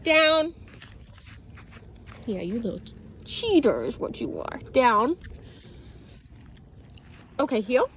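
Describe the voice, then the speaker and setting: A woman dog trainer outdoors, explaining her method while walking a dog and calling out sharp commands. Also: a little high, very animated, slow pace, long pauses, slight background noise. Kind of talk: instructional talk during dog training.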